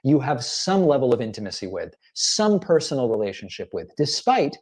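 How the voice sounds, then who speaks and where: A man walks viewers through clips with analytical, deliberate commentary. His voice sits in an ordinary middle range and he sometimes slips into suppressed laughter. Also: mid-range voice, big pitch swings, a little mellow. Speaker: political commentator. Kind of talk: commentary over played clips.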